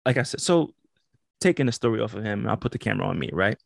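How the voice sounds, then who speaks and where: A man's voice: fairly low pitch, expressive, quick pace, gravelly, dry recording, studio quality. A man co-hosting a podcast, telling a story in casual chat, acting out the quotes and laughing often. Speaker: podcast co-host.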